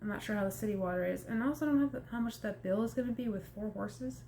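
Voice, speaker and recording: A woman's voice: mid-range voice, very fast, creaky, mellow, a little hiss or hum. A woman chatting through a casual home update vlog, rambling and a bit exasperated. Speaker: vlogger.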